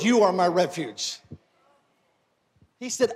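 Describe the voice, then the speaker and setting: A male pastor preaching a sermon, moving from conversational talk to forceful exhortation. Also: sits high, lively intonation, unhurried, long pauses, big-room sound.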